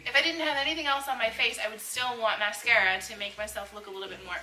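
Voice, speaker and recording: A young woman hosting a casual vlog, chatty and quick to laugh. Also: on the high side, steady tone, bright, forceful tone. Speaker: vlogger host. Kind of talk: casual chat. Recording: echoey room with faint music.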